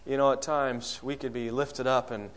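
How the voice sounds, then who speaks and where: A man preaching a sermon, asking the congregation questions and swinging from loud, high calls to low, soft lines. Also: flat delivery, normal speed. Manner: rises loud and high when acting out quoted prayers, drops low and soft on key lines.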